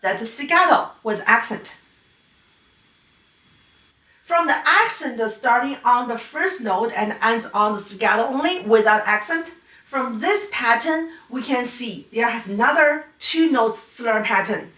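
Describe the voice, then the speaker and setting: This female piano teacher, a native Chinese speaker, gives a patient online lecture explaining playing technique, her phrasing marked as non-native. Her voice sits on the high side with lively intonation, a measured pace, and a sharp tone. She is recorded from a distance in an echoey room, slightly off-mic.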